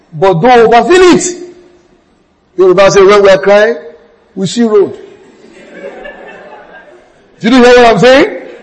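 A pastor preaching a sermon, telling stories with acted quotes and bursts of shouting. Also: male voice, very high voice, poor audio.

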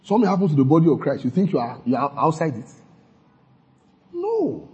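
A man preaching a sermon as a pastor. He swings suddenly between loud and soft, acts out quoted gossip and repeats lines for emphasis. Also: fairly high pitch, huge pitch swings, a little fast, slightly rough. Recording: dull lo-fi recording.

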